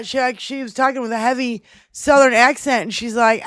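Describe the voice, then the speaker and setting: A woman's voice: high-pitched, normal speed, hardly any pauses, fairly bright tone, no echo, studio quality. A woman co-hosting a casual political chat show, talking bluntly and angrily with heavy swearing. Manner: blunt, profane, heated. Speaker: podcast co-host.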